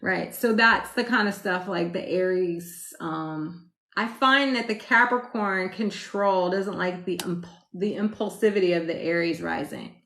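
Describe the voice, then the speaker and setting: A woman hosts a casual live stream, loud and talkative. She answers viewers and tells rambling stories, breaking into laughter often. Her voice sits in a roomy, echoing space, recorded on a phone. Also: lowish voice, a little slow. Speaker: astrology livestream host. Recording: roomy echo.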